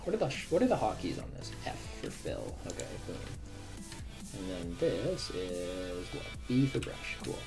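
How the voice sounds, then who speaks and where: Low-voiced man thinking aloud. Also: big pitch swings, moderate pace. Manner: thinks aloud, with many fillers and restarts. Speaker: game developer streaming live. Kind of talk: casual livestream commentary while working. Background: faint drum and bass music.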